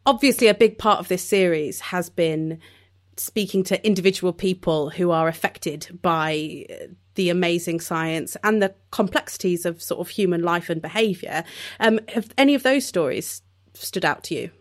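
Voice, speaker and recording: A woman's voice: on the low side, moderate pace. Female podcast co-host, British accent, casual and conversational.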